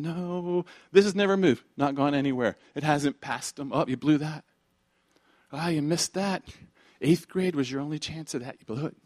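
Male pastor, high voice, dry close sound, animated sermon delivery. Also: normal speed, dry recording. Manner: animated, acts out biblical voices, swings loud and soft. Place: church.

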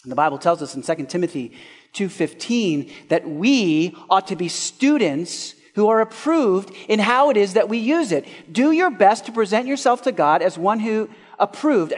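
A male pastor preaching a sermon, asking rhetorical questions and swinging between loud and hushed. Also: high voice, in a large hall.

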